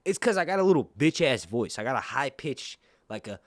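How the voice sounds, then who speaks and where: Animated, nasal man breaking down a trailer. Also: medium pitch, brisk, no echo, clean studio sound. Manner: rambling, animated, with many fillers and asides. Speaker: host. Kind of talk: casual trailer breakdown commentary. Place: seated indoors.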